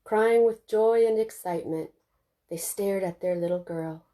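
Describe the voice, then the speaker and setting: A woman reads her own novel aloud in steady, expressive narration. Her voice is warm and mellow. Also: mid-range voice, measured pace. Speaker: author reading her novel. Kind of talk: audiobook narration.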